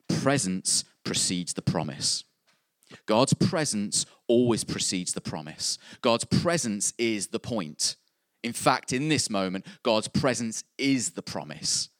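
Earnest preacher, low dry voice. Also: male voice, dry recording. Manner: earnest, repeats key phrases, acts out voices. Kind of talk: sermon.

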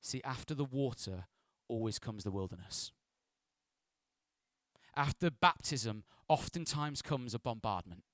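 A man preaching a sermon as pastor, animated, dropping to hushed asides and rising to loud, playful bursts. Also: medium pitch, unhurried, no echo, studio quality.

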